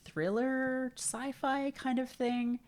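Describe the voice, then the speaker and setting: A woman's voice: high voice, steady tone, slow pace, darkish tone. A woman guest on a podcast, chatting casually and retelling film scenes in quoted voices. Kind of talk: casual chat.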